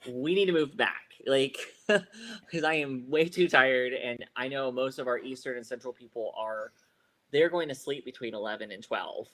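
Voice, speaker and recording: A man co-hosting a relaxed live show, chatting with his partner and the viewers. He talks in an animated, lively way and breaks into laughter often. His voice sits in a mid range. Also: mid-range voice, normal speed. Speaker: podcast co-host. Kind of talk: casual live-stream chat.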